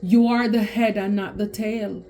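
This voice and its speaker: A woman's voice: mid-range voice, steady tone, a little slow, mellow, soft background music. A woman giving a spiritual tarot reading, talking emphatically and repeating phrases for stress. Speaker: tarot reader.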